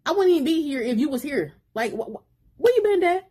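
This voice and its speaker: A woman's voice: high-pitched, sing-song, brisk, warm tone, pitched above the performer's own voice. A woman voicing a young man who confronts his long-absent father with repeated demanding questions. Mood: upset.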